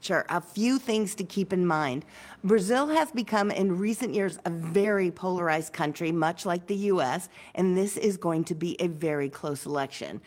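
Lower-pitched woman reporting news. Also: darkish tone. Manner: measured, clear reporting delivery. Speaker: foreign correspondent.

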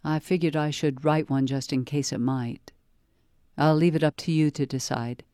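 A reader calmly delivering a wry first-person novel excerpt for a library promotion. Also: mid-range voice, normal speed, smooth, no echo, clean studio sound. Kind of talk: scripted first-person audiobook-style reading.

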